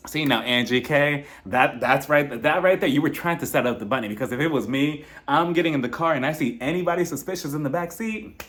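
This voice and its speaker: A man casually reviewing a reality show on his channel, animated and joking with frequent laughs. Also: a little high, brisk. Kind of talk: casual commentary.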